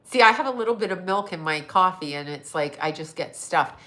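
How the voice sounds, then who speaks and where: A middle-aged woman, a psychic and astrologer, chatting on a livestream in a hoarse, scratchy voice, mocking and sarcastic, laughing often and swearing. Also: lowish voice, lively intonation, a little fast, fairly bright tone. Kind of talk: casual livestream chat.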